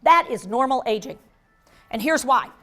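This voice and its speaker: A woman giving a lively live workshop on dementia care, acting out inner voices and joking with the audience. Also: sits high, normal speed, soft background music. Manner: animated, acts out inner voices, jokey asides to the audience.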